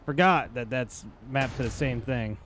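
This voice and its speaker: A man's voice: mid-range voice, measured pace, a bit bright, a little hiss or hum. A man giving casual gameplay commentary, joking and talking to enemy tanks in silly put-on voices. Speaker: gaming channel host.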